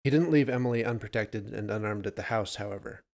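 A man reading a short story aloud in a steady, measured way. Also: on the low side, gravelly. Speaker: narrator.

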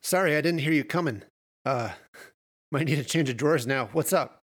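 A man's voice: fairly high pitch, normal speed, slightly rough, pitched above the performer's own voice. A man voicing a harried, weary school counselor who talks sternly and gets flustered.

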